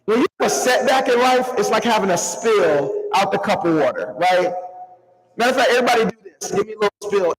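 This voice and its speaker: A man giving an energetic motivational keynote to a live crowd, calling on the audience to answer and move along with him. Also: sits high, brisk. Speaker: motivational speaker. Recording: long hall reverb.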